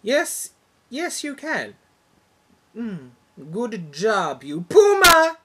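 A woman's voice: deep voice, very animated, measured pace, crowd noise. A woman playing a pompous, melodramatic soap opera character in an overblown, mock-dramatic parody.

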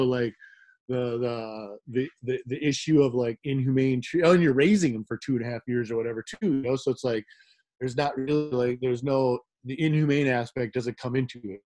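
A man's voice: medium pitch, a little mellow. A middle-aged man from the American Midwest, rambling through stories in casual chat, laughing often. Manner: rambling, laughing, full of fillers. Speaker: guest, rave promoter.

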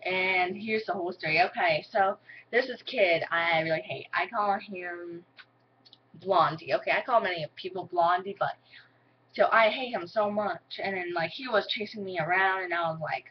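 A woman's voice: fairly low pitch, normal speed, dull audio, a little hiss or hum. A young woman chatting to camera in a rambling, giggly way, filling her talk with "like", recorded indoors at home. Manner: rambling, giggly, heavy use of "like". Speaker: vlogger. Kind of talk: casual chat to camera.

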